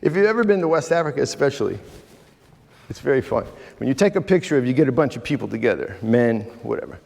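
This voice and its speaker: Recorded live in a big echoing church hall, a middle-aged man delivers a rousing talk at a men's retreat, addressing listeners directly, performing quoted voices and speaking emphatically. His medium-pitched, darkish voice is animated and quick, with vocal fry.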